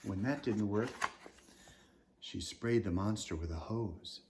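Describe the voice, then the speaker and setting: A man, a children's author, reading a picture book aloud with animated storytelling, swinging pitch and loudness and dropping to a whisper. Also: takes it slowly, slight background noise.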